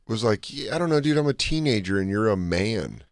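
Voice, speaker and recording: A man's voice: fairly low pitch, brisk, dry recording, clean studio sound. A man who does stand-up, riffing and acting out bits in a casual podcast chat. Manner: animated riffing, acts out voices. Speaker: comedian, podcast co-host.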